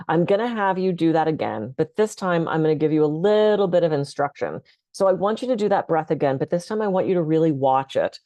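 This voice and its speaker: A woman speaker on a video call, calmly and conversationally guiding listeners through breathing techniques for stress. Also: low voice, no room sound. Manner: calm, conversational, gently instructive. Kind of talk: guided breathing talk.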